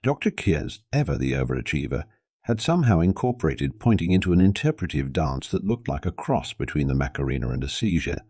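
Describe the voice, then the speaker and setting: A man narrating a scripted science fiction story in a steady, measured reading. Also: a bass voice, no room sound, clean studio sound.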